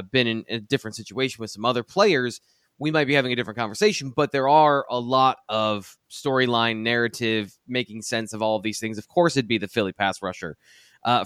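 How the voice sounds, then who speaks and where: A man's voice: mid-range voice, fairly bright tone, no echo. Dry-miked man talking football recruiting. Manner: conversational, thinks aloud with restarts and dry sarcasm. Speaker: college football recruiting analyst. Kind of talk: casual sports talk show analysis.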